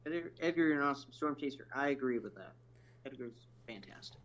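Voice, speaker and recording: Relaxed man on a dull lo-fi line. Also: fairly high pitch, rapid-fire. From Oregon. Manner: relaxed, agreeable, lots of filler words. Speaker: fellow storm chaser guest. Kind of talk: casual livestream chat.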